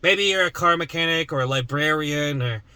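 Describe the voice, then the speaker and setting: A man's voice: on the high side, normal speed, pushed and bright, clear, resonant tone, dry recording. A man vlogging in casual chat to the camera, rambling with lots of fillers and restarts.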